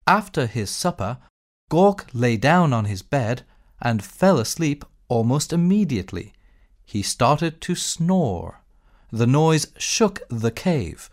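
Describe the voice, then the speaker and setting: A man reading a textbook story in clear, measured narration, as a space captain telling his own adventure. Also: medium pitch, very animated. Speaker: textbook audio reader.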